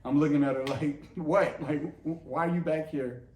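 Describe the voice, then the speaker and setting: A man's voice: fairly high pitch, steady tone, moderate pace, darkish tone, a little hiss or hum. A man telling a story casually as co-host, acting out quoted lines with lots of swearing. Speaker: co-host, husband. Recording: echoey room.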